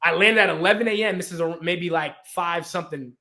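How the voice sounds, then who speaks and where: A young adult man from the United States in casual storytelling chat, animated, acting out quotes and laughing often. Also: high voice, a little fast. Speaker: guest storyteller.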